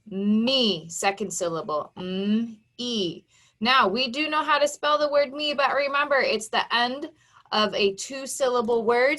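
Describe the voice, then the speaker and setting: Casting: woman teacher for an early phonics lesson, unhurried and encouraging, spelling words out letter by letter. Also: medium pitch, a bit bright. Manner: slow, patient, encouraging, sounds out letters and syllables. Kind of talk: online phonics lesson for young children. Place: home.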